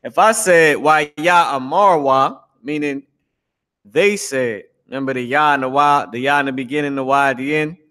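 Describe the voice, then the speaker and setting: A man's voice: medium pitch, normal speed, bright, forceful tone, smooth. A man teaching a live online language class, talking casually, repeating himself, and grumbling when the stream drops. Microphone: streaming to Facebook and YouTube.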